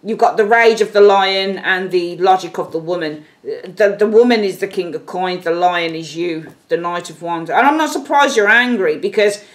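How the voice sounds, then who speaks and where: A woman gives a casual tarot reading in a lively, animated way. She talks bluntly, swears now and then, and acts out the scenes she sees in the cards. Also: lowish voice, moderate pace, few pauses. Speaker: tarot reader.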